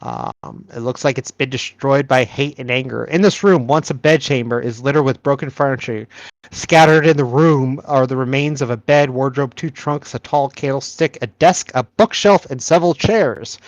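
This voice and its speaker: A man's voice: mid-range voice, moderate pace, dry recording, poor audio. A man narrating a tabletop game as game master, describing scenes with fillers like "uh".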